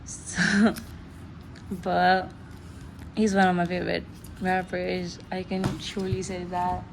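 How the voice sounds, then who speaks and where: A woman's voice: fairly low pitch, takes it slowly, vocal fry, noisy background. A teenage girl, chatting casually and gushing through an unboxing, often giggling. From Pakistan. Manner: gushing, giggly, excitable fan talk. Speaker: vlogger.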